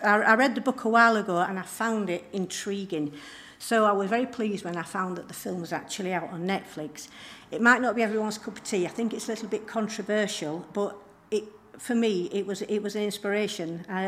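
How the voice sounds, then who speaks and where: A woman's voice: medium pitch, fairly bright tone. A middle-aged woman giving an informal church message, retelling a story in a homely, conversational way with frequent hesitations. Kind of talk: informal recorded sermon.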